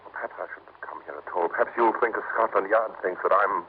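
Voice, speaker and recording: A terrified nobleman in an old radio play, halting and fearful in his speech. His voice sits low, and the broadcast is thin and phone-like with faint hiss. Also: gravelly. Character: haunted, terrified English nobleman. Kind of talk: 1940s radio acting.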